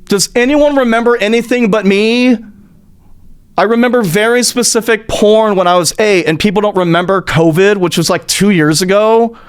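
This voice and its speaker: A man's voice: sits high, moderate pace, smooth. A young adult man hosting a comedic podcast, ranting about politics in a profane, mocking way and slipping into silly put-on voices. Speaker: podcast host.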